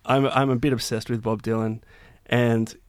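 A man's voice: mid-range voice, little pitch movement, normal speed, no echo. A man, a singer-songwriter telling a long backstage story in casual chat, full of restarts and fillers. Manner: rambling, many restarts and fillers.

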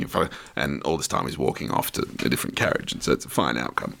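A man's voice: extremely low pitch, fast talker, gravelly, hardly any pauses, pushed and bright. An Australian man telling stories as a podcast guest in casual chat, dry and self-mocking, acting out other people's voices.

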